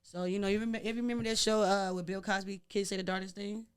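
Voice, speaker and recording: A woman's voice: medium pitch, level tone, rapid-fire, clean tone. A woman hosting a podcast, talking in a joking, teasing, easygoing way. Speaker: podcast host. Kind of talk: casual interview chat.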